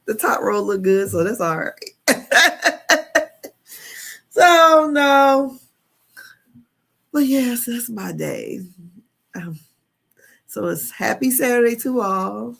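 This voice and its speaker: A woman's voice: fairly low pitch, gravelly, a bit bright. A woman in her fifties hosting a casual live stream, chatty and candid, laughing often as she talks. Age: 50s. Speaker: podcast host.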